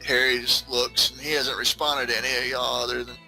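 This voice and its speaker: A man's voice: medium pitch, flat delivery, brisk, bright, forceful tone, faint music behind, low-quality recording. A man, game master narrating a western tabletop game in a laid-back, vivid way.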